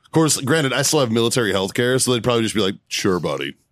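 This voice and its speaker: A man's voice: medium pitch, lively intonation, very fast, fairly bright tone, dry recording, clean studio sound. Laughing, crude storytelling man. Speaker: podcast co-host. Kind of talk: casual chat, storytelling.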